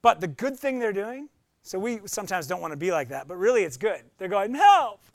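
A man's voice: sits high, expressive, fairly quick, no echo. A man preaching a conversational, emphatic sermon as pastor, acting out short quotes.

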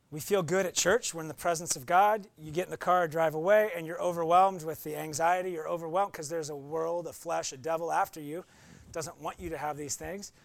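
A man's voice: on the high side, creaky, dry recording. A man preaching a conversational, emphatic sermon as pastor, acting out short quotes.

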